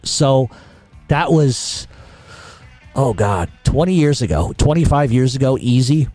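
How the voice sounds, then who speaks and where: Soft music plays behind a middle-aged man with a dark, expressive voice at medium pitch, speaking at a measured pace. He's a podcast storyteller drawing out a long tale in casual talk, swearing frequently and restarting his sentences often.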